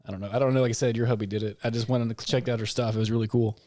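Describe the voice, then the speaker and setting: A young man co-hosts a podcast, rambling through his thoughts and swearing freely. His pitch sits in the middle for a man. The mic is close and dry, with no room sound. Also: steady tone, rapid-fire, a little mellow, no echo. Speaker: podcast co-host. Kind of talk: casual chat.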